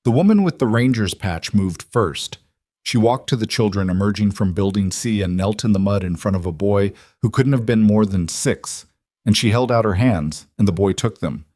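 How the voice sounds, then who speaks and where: A man reading a scripted dramatic story in a measured, somber way. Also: lowish voice, darkish tone, no echo, clean studio sound. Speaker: narrator.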